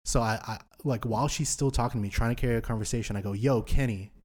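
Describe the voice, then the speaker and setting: A young man in his twenties on a podcast, telling a drunk night-out story in animated, slangy chat full of swearing. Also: mid-range voice, fast. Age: 20s. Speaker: podcast host.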